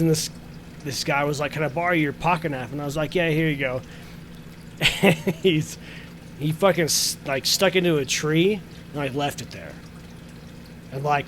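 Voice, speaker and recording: A man with a somewhat high voice co-hosting a podcast in easy conversation. He rambles through stories with plenty of fillers and swears casually. Faint noise hums under the recording. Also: moderate pace. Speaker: podcast co-host. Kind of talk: casual chat.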